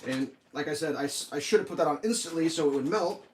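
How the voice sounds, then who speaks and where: Laid-back rambling man, slightly high voice. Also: fast talker, slight background noise. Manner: rambling, laid-back, chatty with his dog. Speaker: cooking vlogger. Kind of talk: casual cooking chat.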